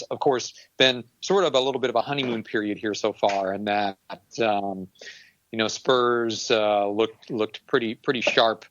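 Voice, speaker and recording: A man's voice: medium pitch, fairly bright tone, no room sound. A man co-hosting a casual sports podcast, sharing skeptical, opinionated views while thinking aloud. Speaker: podcast co-host. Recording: dull, dry home recording.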